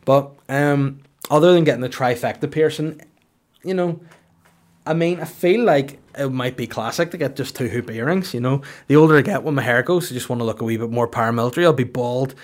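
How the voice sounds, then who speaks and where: A young man riffs through a comic podcast monologue, loose and crude. He wanders from bit to bit and keeps breaking into goofy put-on voices. His pitch sits in an ordinary middle range for a man. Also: a little fast. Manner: rambling, crude, acts out silly voices. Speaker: podcast host.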